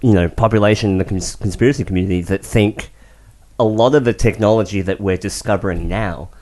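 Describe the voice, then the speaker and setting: Man, podcast guest, easygoing, conspiracy-minded, fairly low voice. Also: fairly quick, a little mellow. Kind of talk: casual chat.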